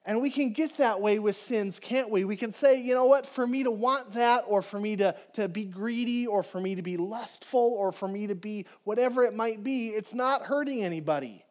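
A man with a notably high voice preaches a sermon in a conversational, animated way. He talks to his listeners directly as a pastor would, leaning on questions and plain examples. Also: moderate pace, hardly any pauses.

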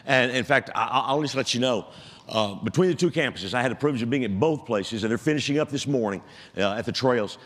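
A man's voice: mid-range voice, expressive, quick pace, a bit bright. Casting note: retired pastor in his seventies, self-deprecating storyteller, church hall reverb. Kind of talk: sermon with a humorous story. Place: church sanctuary.

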